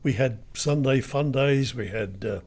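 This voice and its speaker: Brief: older Aussie man, husky voice, rambling storyteller in an interview. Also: mid-range voice, unhurried, a little mellow. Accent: Australian. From Australia. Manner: rambling storyteller, lots of ums and restarts. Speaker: retired radio broadcaster, guest. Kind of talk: anecdotal interview chat.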